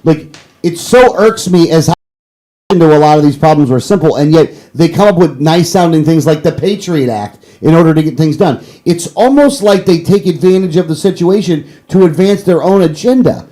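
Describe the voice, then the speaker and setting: Male talk host with a mellow, fairly high voice who rants hard and then apologizes. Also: expressive, moderate pace, low-quality recording. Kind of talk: political talk show.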